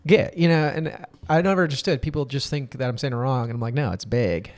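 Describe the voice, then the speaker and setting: A man's voice: a little high, quick pace, darkish tone. A young man from Minnesota with a Minnesotan accent, chatting casually as a podcast guest in a playful, joking way. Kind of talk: casual chat.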